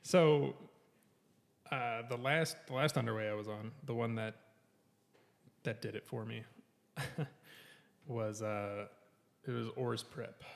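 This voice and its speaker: This is a gravelly, medium-pitched male voice recorded with a big-room sound, narrating a long tale on a casual podcast. Swearing comes often, laughter breaks up the lines, and he voices others' words with real animation.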